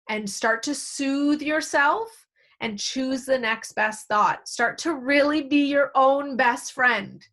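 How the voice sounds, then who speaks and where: Woman coaching, acting out inner self-talk. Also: on the high side. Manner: warm coaching tone, acts out inner self-talk in quoted voices. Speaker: productivity coach. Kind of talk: online training talk.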